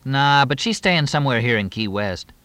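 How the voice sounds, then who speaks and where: A man's voice: medium pitch, lively intonation, moderate pace, fairly bright tone, no room sound, pitched above the performer's own voice, lightly acted. A man reading an audiobook, voicing a brash, mocking teenage girl in a raised, brassy tone.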